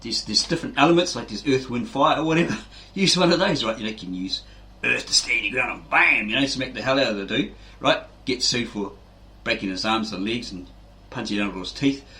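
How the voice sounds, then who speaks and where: This man's medium-pitched voice moves fairly quickly with few pauses, sounding bright and forceful. Playing a fitness channel host, he gives a loose, rambling explanation, acting out quotes and repeatedly asking "right?"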